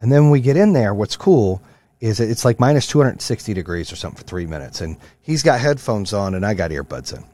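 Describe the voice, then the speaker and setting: A man in his thirties or forties hosting a podcast, ranting with lots of profanity in a fired-up motivational way, then dropping to a low, quieter voice for stories. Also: sing-song, fairly quick. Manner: swings from loud rants to low, quieter storytelling. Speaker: podcast host. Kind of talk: casual monologue.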